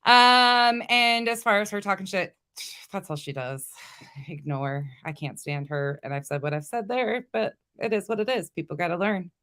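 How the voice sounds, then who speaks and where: Blunt, foul-mouthed woman with a bright voice. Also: medium pitch, expressive, normal speed. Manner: blunt, profane, confrontational. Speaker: commentary channel host. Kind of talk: casual reaction commentary.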